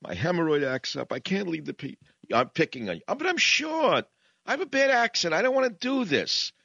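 A man doing a whiny, high-voiced old prophet. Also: big pitch swings, brisk, creaky, pushed and bright, breathy edge, dry recording, lo-fi sound, exaggerated voice. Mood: whining. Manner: whining, complaining. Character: whiny self-pitying old prophet, male.

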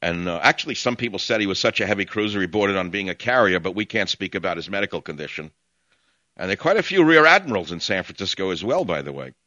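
A man's voice: deep voice, animated, fast, sharp tone, no room sound, highs cut off. A man with a New York accent hosting call-in talk radio, ranting in a brash, sardonic, rambling way.

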